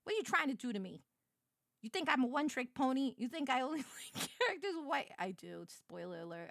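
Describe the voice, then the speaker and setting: A woman's voice: a little high, animated, moderate pace, creaky, no echo, clean studio sound. A woman streamer in casual game stream chat, giggly and gushing, swooning often.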